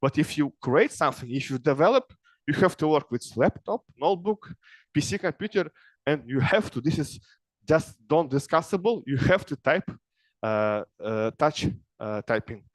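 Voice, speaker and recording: A middle-aged man from Kazakhstan, giving an informal lecture in broken English to young people and often checking in with a quick "yes?". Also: on the high side, animated, no echo. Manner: broken English, frequent "yes?" tag questions. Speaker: speaker advising young people.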